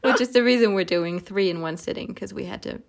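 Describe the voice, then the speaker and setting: Chatty woman co-host with a gravelly edge. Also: medium pitch, brisk. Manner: chatty, giggly, easygoing. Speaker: podcast co-host. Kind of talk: casual chat. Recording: remote call.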